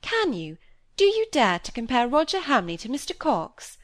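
A woman's voice: mid-range voice, lively intonation, fairly quick, no echo, lightly acted. A woman voicing a serious, earnest young woman who speaks sincerely and firmly.

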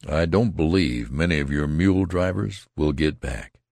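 A man voicing a detached male division general in an audiobook, speaking coolly and deliberately. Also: rumbling low, animated, vocal fry, darkish tone, husky, no echo, clean studio sound, full character voice. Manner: cool, measured, deliberate.

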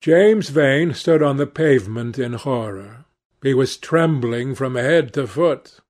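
A man narrating a classic novel as an audiobook in a measured, dramatic reading. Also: medium pitch, lively intonation, a little mellow. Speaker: audiobook reader.

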